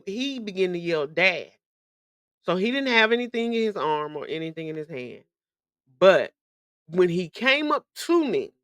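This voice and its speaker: A woman's voice: lowish voice, a bit bright, dry recording. A young adult woman hosting a podcast, telling a personal story in candid, emphatic, slangy casual speech with many repetitions. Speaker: podcast host.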